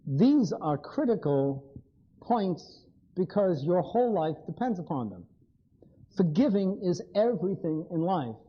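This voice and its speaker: A man's voice: sits high, very animated, a little slow, husky, highs cut off. A man giving a live lecture, blunt and wry, speaking straight to his audience.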